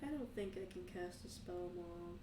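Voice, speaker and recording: A woman's voice: fairly low pitch, expressive, moderate pace, background noise, close to an everyday voice. A woman voicing a shy, earnest young boy in a tabletop game, recorded roomy and far from the mic. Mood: meek.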